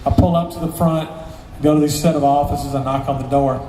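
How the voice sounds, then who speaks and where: A man's voice: fairly high pitch, steady tone, fairly quick, dark tone, a little hiss or hum. A man telling a long story, rambling and profane, with joking asides. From Southern US. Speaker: storyteller, luthier. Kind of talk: casual live storytelling. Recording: echoey hall, distant mic, faint ambience.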